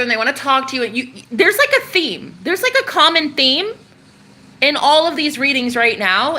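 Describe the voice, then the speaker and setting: Bright-voiced young woman rambling on a livestream. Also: on the high side. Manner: rambling, swears often, talks to viewers. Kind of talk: casual livestream monologue.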